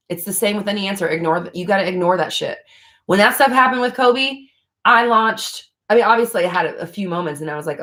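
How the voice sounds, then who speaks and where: A woman's voice: fairly low pitch, a bit bright. Frank, casual woman livestreaming. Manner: blunt and frank, swears casually, answers viewer questions. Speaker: livestream host. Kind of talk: casual chat.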